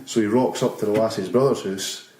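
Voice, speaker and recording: A Scottish man spins a story in loose, sweary podcast chat, his voice bouncing around a roomy space. A soft hiss sits underneath. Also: on the low side, fairly quick. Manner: swears freely, lively storyteller. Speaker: podcast host. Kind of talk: casual chat. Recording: roomy room echo.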